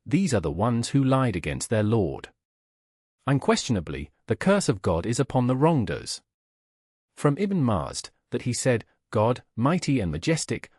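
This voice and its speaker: A man narrating an audiobook in a solemn, measured reading voice, voicing the quoted speakers as he goes. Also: mid-range voice, a little mellow, slightly rough, dry recording, clean studio sound.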